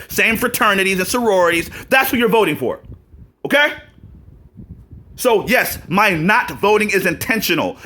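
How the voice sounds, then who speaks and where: A man ranting to camera in a vlog, profane and combative, firing off rhetorical questions and breaking into mocking laughs. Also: high-pitched. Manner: mocking laughs and loud outbursts. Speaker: vlogger.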